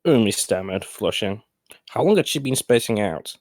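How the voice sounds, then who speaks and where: A man narrating a fan story in a live reading, steady and measured. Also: fairly low pitch, no echo.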